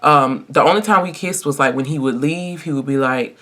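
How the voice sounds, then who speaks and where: A woman's voice: deep voice, a little fast, sharp tone. A woman in her twenties telling a personal story in a casual get-ready-with-me video, chatty and emphatic, talking straight to her viewers. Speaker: vlogger.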